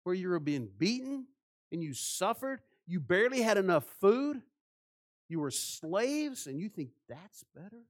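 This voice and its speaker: Impassioned preacher, man with a high voice. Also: very animated, a little slow. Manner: impassioned, with many rhetorical questions and swings between soft and loud. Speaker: pastor. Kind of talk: sermon.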